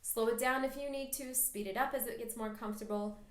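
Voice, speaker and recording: A woman's voice: on the high side, fairly even intonation, fairly quick. Woman, flute teacher, patient step-by-step coaching, echoey room. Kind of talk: instructional music lesson.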